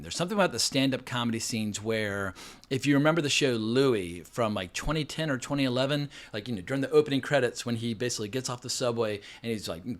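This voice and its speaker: A man giving a casual, rambling spoken film review, frank and sprinkled with fillers and profanity. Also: medium pitch. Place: home, New York City.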